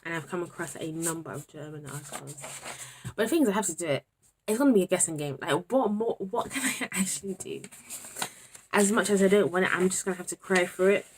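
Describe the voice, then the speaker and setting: A woman's voice: on the low side, animated, fast, slight background noise. A young British woman in her twenties, a university student talking candidly and rambling to the camera in a vlog, exasperated and talking to herself at times. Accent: British English. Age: 20s.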